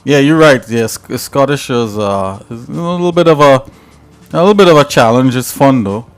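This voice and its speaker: A man's voice: medium pitch, normal speed, smooth. An American man hosts a live stream and talks casually with his viewers. He rambles and leans on filler words. Faint music runs behind him. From United States. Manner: rambling, talkative, filler-heavy.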